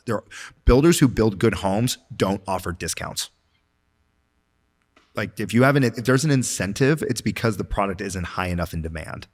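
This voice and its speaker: Brief: middle-aged businessman guest, very low voice, earnest pep-talk delivery, long hall reverb. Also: lively intonation, normal speed. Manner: earnest, motivational, filler-heavy. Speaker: podcast guest, business owner. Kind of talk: casual interview talk.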